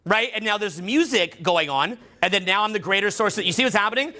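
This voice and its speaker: A male vocal coach leads a live workshop for a room of students. His voice sits high for a man and comes across bright and forceful. He keeps his delivery animated and breaks into loud demonstration voices as he explains. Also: fast.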